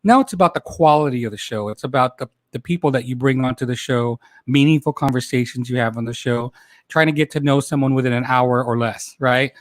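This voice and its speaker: A man's voice: medium pitch, a little fast, no room sound, clean studio sound. A man in his forties hosting a casual livestream, chatting with viewers, laughing often and stumbling over his words. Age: 40s. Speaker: host.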